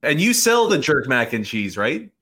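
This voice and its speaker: A man's voice: mid-range voice, big pitch swings, normal speed, fairly bright tone, slightly rough. A man interviewing a guest in casual talk, easygoing and teasing, often laughing along.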